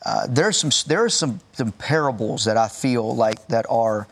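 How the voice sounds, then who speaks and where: A man co-hosting a Christian talk show, making earnest, measured statements about giving and faith. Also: medium pitch. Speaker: co-host, teacher on giving. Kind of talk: preaching in conversation.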